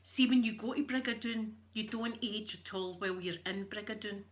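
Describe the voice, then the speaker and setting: A woman's voice: medium pitch, fairly quick. A middle-aged woman with a Scottish accent chatting casually and joking through an ASMR ironing video, laughing often. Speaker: ASMR creator.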